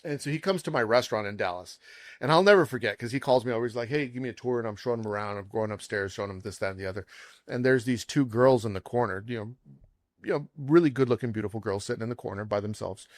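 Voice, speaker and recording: A man's voice: on the low side, fast talker, no echo, studio quality. A man hosting a chef podcast, telling stories animatedly and laughing often. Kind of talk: casual podcast chat.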